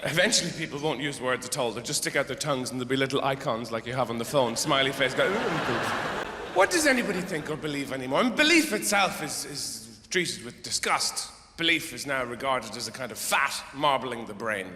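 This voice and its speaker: Performing stand-up in a live theater, a middle-aged man speaks in a mid-range, very animated, sharp voice, a bit fast and with few pauses. His act is rambling, sardonic, and full of profanity and outbursts. There's slight background noise, an echoey hall, and a faint audience.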